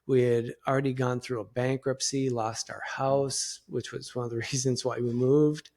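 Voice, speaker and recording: A middle-aged man talks as a podcast guest in a plain, mid-pitched voice. He speaks reflectively and haltingly, restarting his sentences often as he works through his thoughts. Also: level tone, darkish tone. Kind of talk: conversational interview.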